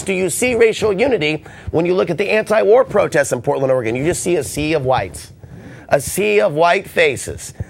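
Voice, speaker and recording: A man hosting a call-in radio talk show, hoarse and ranting with passion. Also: sits high. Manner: impassioned, ranting.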